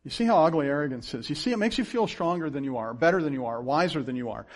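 A man's voice: a little high, fast talker. A pastor preaching a sermon, acting out the people he quotes and laughing now and then. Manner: animated preaching with acted-out quotes and chuckles.

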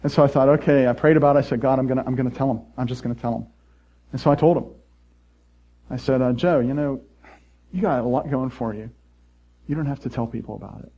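Male pastor preaching, middle-aged, mellow voice, playful, dull muffled sound. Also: mid-range voice, fast talker, pauses often. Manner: animated, playful, swings between loud mock voices and quiet earnest asides. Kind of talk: sermon.

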